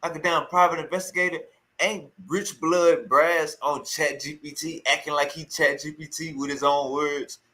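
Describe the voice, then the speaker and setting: A male streamer giving loud, teasing reaction commentary, repeating his taunts again and again. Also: fairly high pitch, fairly even intonation, normal speed, low-quality recording.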